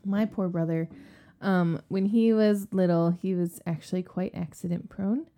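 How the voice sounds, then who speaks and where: A woman cohosting a casual podcast, telling a family story. She talks in a relaxed way and her voice jumps up when she acts out the people in her tale. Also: on the low side, measured pace. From West Virginia.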